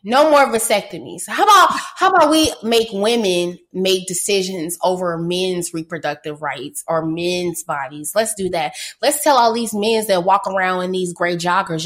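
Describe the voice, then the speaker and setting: A woman's voice: on the low side, moderate pace, hardly any pauses, a bit bright. A woman hosting a podcast in casual chat, blunt, sarcastic and full of profanity. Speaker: podcast host.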